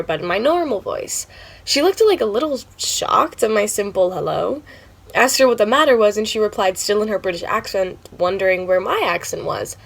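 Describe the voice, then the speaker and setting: A woman's voice: medium pitch, gravelly. A teenage actress as a chatty young woman raising a toast at a wedding, rambling through a funny story in an easy, mid-range voice. She keeps it conversational, like an everyday storyteller on a stage. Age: teens. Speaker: student actor. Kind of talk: stage monologue.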